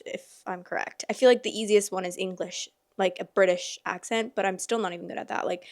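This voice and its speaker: A woman's voice: a little high, dry recording, clean studio sound. A woman hosting a podcast, chatting casually and reading stories aloud in a chatty way, with lots of fillers and exclamations.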